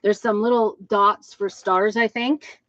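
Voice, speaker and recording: Unhurried and fairly even in intonation, a woman with a medium-pitched, fairly bright voice rambles through a casual vlog showing her new craft designs, with many ums and asides. She describes herself as a trumpet player and gets particular about instrument details. The recording is dry, dull and slightly lo-fi.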